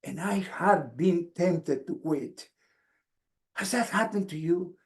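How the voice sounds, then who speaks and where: A man, giving an expressive motivational speech with dramatic pauses. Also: high voice. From Mexico. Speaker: speaker. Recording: echoey room.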